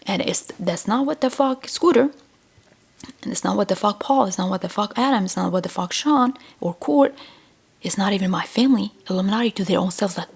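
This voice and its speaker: A woman's voice: medium pitch, moderate pace, gravelly, a little mellow, breathy edge. A woman in a rambling vlog monologue, repeating emphatic warnings to her viewers. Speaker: vlogger. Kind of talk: rambling direct-to-camera monologue.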